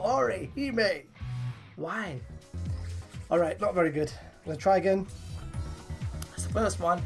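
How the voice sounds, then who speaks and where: A gaming channel host talks casually through her game pulls in a hoarse, partly lost voice pitched fairly low. She's excitable, breaking into laughter and shouts.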